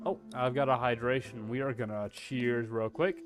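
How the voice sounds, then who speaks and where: A man with a Texan accent chatting casually on a livestream, playful and hammy, swearing freely and letting out loud yeehaw whoops. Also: mid-range voice, steady tone, normal speed, over music. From Texas. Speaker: VTuber streamer.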